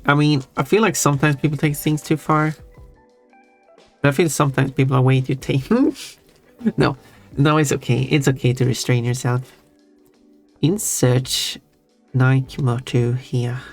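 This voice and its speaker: Unhurried and mid-pitched, pausing often, the man chats loosely with his stream's audience, teasing them and chuckling a lot. There's gentle music faintly behind him.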